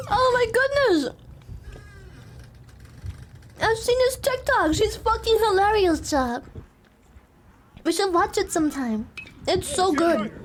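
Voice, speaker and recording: A woman streaming live in a casual chat, excitable and foul-mouthed, giggling often. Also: extremely high pitch, slow, pauses often, slight background noise.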